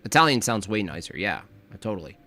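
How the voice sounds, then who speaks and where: Animated joking male commentator. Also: lowish voice, brisk, no room sound, faint music behind. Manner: joking, animated, laughs often. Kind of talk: comedic reaction commentary.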